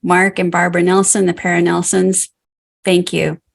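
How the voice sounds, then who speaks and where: A woman's voice: lowish voice, monotone, normal speed, creaky. A woman hosting an interview podcast, asking her guests questions in an encouraging way. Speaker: podcast host.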